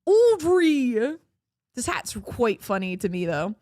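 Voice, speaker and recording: Giggly woman streamer with a lively voice. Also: fairly high pitch, measured pace, no room sound, clean studio sound. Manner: giggly, laughs often, playful and self-mocking. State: voice cracking. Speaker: livestreamer. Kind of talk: casual live-stream chat.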